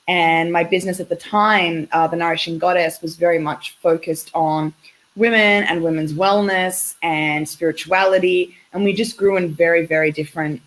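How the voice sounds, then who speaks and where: A woman's voice: lowish voice, low-quality recording. An Australian woman in her thirties, a relationship coach chatting effusively as a guest over a video call. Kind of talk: casual interview over a call.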